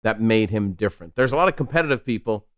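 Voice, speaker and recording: A man's voice: fairly low pitch, lively intonation, quick pace. A man hosting a podcast interview, chatting conversationally with a few joking asides. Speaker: host.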